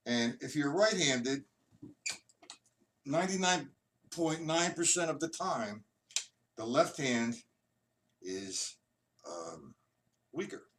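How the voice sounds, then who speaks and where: A man teaching a drum lesson on a live stream, patiently explaining and counting out loud. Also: medium pitch, animated, slow pace, pauses often. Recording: distant mic, loud noisy room.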